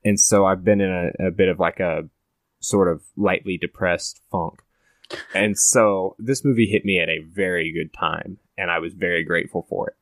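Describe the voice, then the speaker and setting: A teenage boy co-hosts a casual podcast, musing about a film in a low, unhurried voice. He rambles thoughtfully, starting sentences over as he works out what he means. The sound is close and dry. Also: fairly even intonation, dry recording. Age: teens. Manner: thoughtful, rambling, many restarts. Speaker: podcast host. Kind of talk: casual movie review chat.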